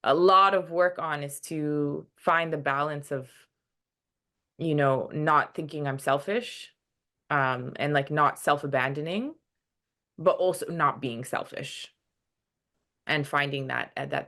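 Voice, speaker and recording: Earnest woman guest, lowish voice. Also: vocal fry, sharp tone. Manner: earnest, halting, acts out quoted dialogue. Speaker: podcast guest. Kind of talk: casual interview chat.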